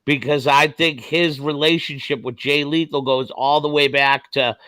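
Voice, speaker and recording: A man's voice: a little high, steady tone, moderate pace, pushed and bright, dry recording. A man hosting a casual wrestling podcast over a video call, laughing often and swearing freely. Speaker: podcast host.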